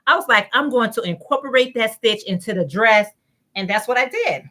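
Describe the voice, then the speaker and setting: Bright-voiced woman chatting on a livestream. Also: on the high side, fairly quick. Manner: chatty, greets viewers by name, reads comments aloud. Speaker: crochet livestream host. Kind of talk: casual livestream chat reading comments.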